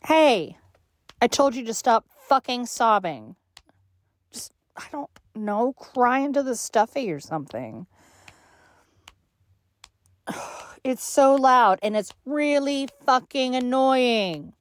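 Woman acting as a cruel domineering woman, scornful, slow drawling delivery, sighs and hushed asides, dry close sound. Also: fairly high pitch, animated, no echo. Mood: menacing. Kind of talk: audio role-play.

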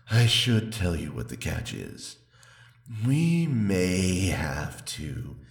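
A man plays a seductive demon spirit in a stolen body, his voice extremely deep and rough with gravel. He talks in an unhurried, intimate murmur. The echo of a roomy space hangs on the recording of this adult audio role-play. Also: a little mellow, full character voice. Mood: sly.

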